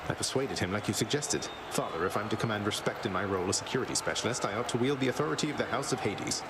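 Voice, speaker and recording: A man voicing an easygoing young prince of the underworld in a video game, relaxed and wry. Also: on the low side, very fast, very noisy, close to an everyday voice. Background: game music.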